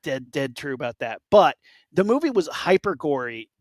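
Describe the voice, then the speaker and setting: A man's voice: a little high, moderate pace, no room sound. A man co-hosting a casual podcast chat, telling stories with lots of fillers and restarts. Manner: excited storytelling, many fillers and restarts. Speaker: podcast co-host.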